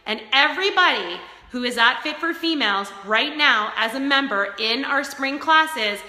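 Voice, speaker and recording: A woman fitness coach giving an energetic motivational talk during a live stream, speaking straight to her viewers. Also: sits high, moderate pace. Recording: echoey room with long reverb.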